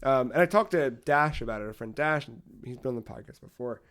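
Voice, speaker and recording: A man's voice: medium pitch, fairly quick. Rambling male podcast co-host. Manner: rambling, animated storytelling with many fillers. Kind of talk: casual chat.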